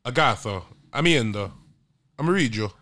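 Bright-voiced teasing man. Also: medium pitch, lively intonation, moderate pace. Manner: teasing, wisecracking, laughs often. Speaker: podcast co-host. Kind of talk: casual comedic banter.

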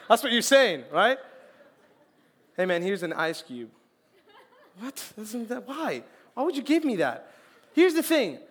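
A young man preaching a sermon as youth pastor, lively and joking, acting out little quotes. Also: high-pitched. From Colombian family, raised in Florida.

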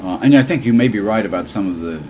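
A man hosting a podcast live at a convention, asking questions in a lively, animated way. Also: fairly low pitch, fast, highs cut off, a little hiss or hum. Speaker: podcast host. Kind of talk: live panel discussion. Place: convention room.

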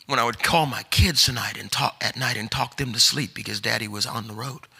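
A man's voice: mid-range voice, a little fast, creaky, few pauses, pushed and bright, breathy edge. A middle-aged man preaching as an evangelist, telling stories and building to emphatic urging. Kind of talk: sermon. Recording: long hall reverb.

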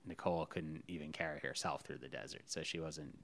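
A man's voice: rumbling low, fairly quick, a bit bright. A man co-hosting a podcast in casual chat, dry and teasing. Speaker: podcast co-host.

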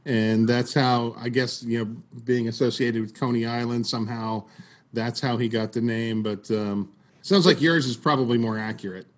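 A man hosting a podcast interview, asking friendly, halting questions. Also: mid-range voice, steady tone. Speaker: podcast host.

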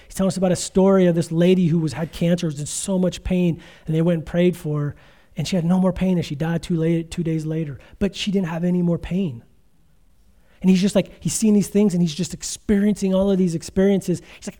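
Conversational pastor, man, mellow tone. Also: sits high, steady tone, a little fast. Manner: conversational, storytelling preaching with quoted asides. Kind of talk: sermon.

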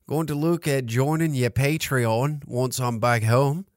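A man's voice: medium pitch, fairly even intonation, a little slow, a little mellow, no room sound, studio quality, close to an everyday voice. A man reading a fan letter aloud as an Australian mine truck driver, in a weak put-on Australian accent.

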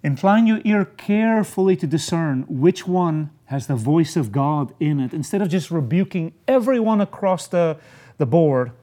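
Male pastor, animated sermon delivery, slightly raised pitch. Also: normal speed. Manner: reads scripture aloud then explains it, dynamic delivery.

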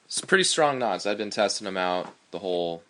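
A man in casual chat recounting a rope descent step by step, measured and halting with fillers. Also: low voice, animated, fairly bright tone.

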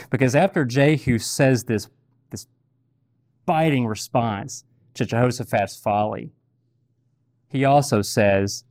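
A man's voice: on the low side, a little mellow, dry recording. A man preaching a sermon, telling a personal story candidly and repeating key phrases for weight. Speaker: pastor.

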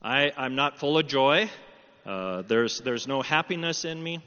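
Middle-aged male pastor, animated storyteller, bright tone, long hall reverb on a muffled recording. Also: medium pitch, a little slow. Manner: animated storytelling, quoting dialogue. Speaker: preacher. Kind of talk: sermon with personal story. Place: church hall.

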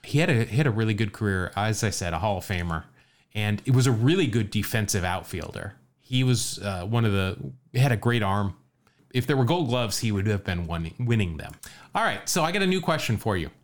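Easygoing and prone to laughter, a man co-hosting a podcast shares baseball history in a casual chat, his stories full of asides. His voice is on the low side, animated, and fairly quick.

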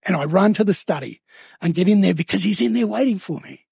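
A man preaching a sermon to a church, earnest and drawing out key phrases slowly for emphasis. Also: high-pitched, lively intonation, creaky, a little mellow, breathy edge, no echo, studio quality.

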